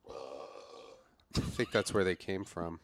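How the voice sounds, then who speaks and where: A man's voice: deep voice, fairly even intonation, a little slow. A man who does stand-up comedy, bantering in a casual podcast chat with a self-mocking manner.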